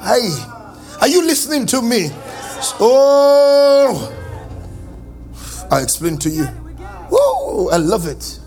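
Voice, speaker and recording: A male pastor preaching a church sermon, calling the congregation to repeat after him and swinging from a sing-song lilt into shouting. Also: high-pitched, sing-song, moderate pace, gravelly, faint music behind. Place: church service.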